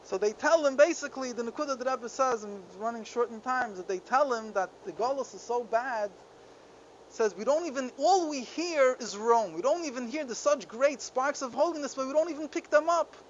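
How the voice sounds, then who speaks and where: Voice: sits high, fairly quick. A Torah teacher giving a Chassidic text class, explaining stories earnestly and often restarting mid-sentence. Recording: dull lo-fi recording with faint background noise.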